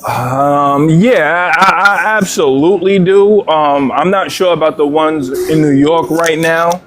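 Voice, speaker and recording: A man's voice: a little high, takes it slowly. A man talking casually as a guest, laid-back and filling his speech with hesitations while he promotes his services. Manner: laid-back, many fillers. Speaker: guest promoting a business directory. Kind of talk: casual chat.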